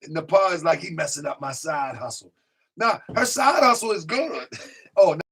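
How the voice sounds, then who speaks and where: A man's voice: on the high side, animated, normal speed, creaky, fairly bright tone, slightly rough. A man hosting a live stream, chatting casually, reading out viewer comments and often repeating himself. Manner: talks to chat directly, repeats himself, drifts off mic.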